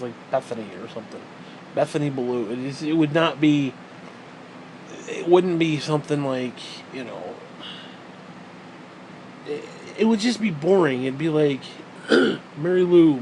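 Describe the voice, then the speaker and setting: A man in his forties riffing through a rambling, foul-mouthed rant, sarcastic and blunt. His voice sits a little high for a man. A faint hum of background noise lies under it. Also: expressive, moderate pace, pauses often, a little mellow, poor audio. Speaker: vlogger. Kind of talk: rambling monologue.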